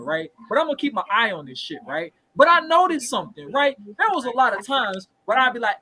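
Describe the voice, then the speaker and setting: A man's voice: sits high, sing-song, fast talker, hardly any pauses, sharp tone, poor audio. A man in his thirties telling a story in casual, profane chat as a podcast co-host. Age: 30s.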